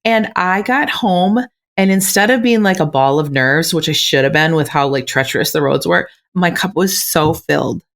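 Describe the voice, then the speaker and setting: Low-voiced woman chatting animatedly. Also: normal speed, few pauses. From Minnesota. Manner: animated storyteller, frequent "like". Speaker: podcast co-host, realtor. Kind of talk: casual chat. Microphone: remote recording.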